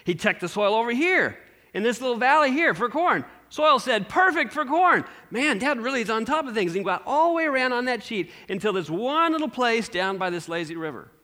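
A male pastor preaching a sermon through an animated story, asking the congregation questions. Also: very high voice, a little fast.

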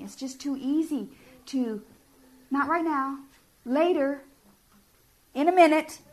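A middle-aged woman giving a sermon-style talk to parents, earnest and homey, often putting questions to her listeners. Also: on the high side. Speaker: speaker at a family ministry talk.

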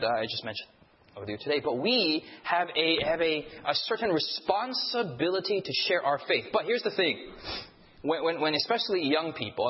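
A man's voice: a little high, slightly rough. Male pastor, sermon, leads recitation, stammering restarts, playful asides, dull audio. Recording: dull audio with long hall reverb.

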